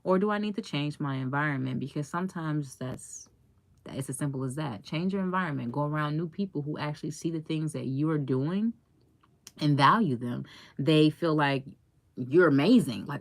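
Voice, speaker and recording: A woman's voice: low-pitched, normal speed, dry recording. A young woman life coach in casual chat with a live audience, chatty and laughing often as she tells stories.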